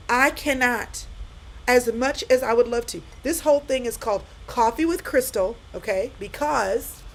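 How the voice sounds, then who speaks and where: A woman's voice: on the high side, slight background noise, rough recording. A middle-aged woman giving a live-stream pep talk to viewers, repeating her points with emphasis and speaking straight to them.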